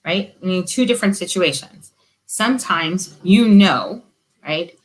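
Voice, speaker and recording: A middle-aged woman with a slightly low voice talks through informal guidance as a support counselor. She sounds gentle, earnest and reassuring. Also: a little slow, rough recording. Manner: briefly drops to a whisper.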